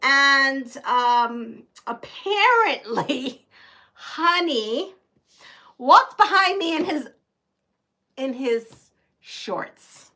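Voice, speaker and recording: A middle-aged woman talks her viewers through a sewing project in a relaxed, chatty way. Her voice sits high and bright. She takes her time and breaks into laughter often. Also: drawn-out words, long pauses. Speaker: quilting channel host. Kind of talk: casual live-stream chat while sewing. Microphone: home live-stream setup.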